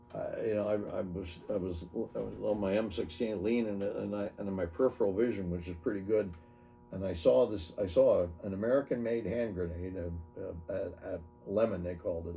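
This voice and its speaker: A man in his seventies, an army veteran, recounting his memories in an oral history interview, halting and correcting himself as he goes. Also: low voice, vocal fry, warm tone. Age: 70s. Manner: halting, self-correcting storytelling.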